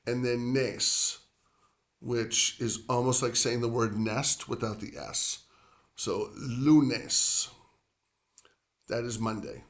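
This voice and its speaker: Male language teacher, slow and rambling, stretches out each word he drills. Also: mid-range voice, a bit bright. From grew up near the Atlantic coast. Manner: rambling, filler-heavy explaining, drawn-out repeated Spanish words. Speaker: Spanish teacher. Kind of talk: language lesson.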